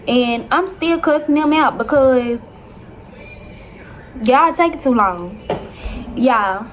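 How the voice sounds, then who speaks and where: Animated young woman telling a storytime. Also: high-pitched, slow pace, slight background noise. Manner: animated, dramatic retelling with constant "y'all". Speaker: vlogger. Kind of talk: casual storytime to viewers.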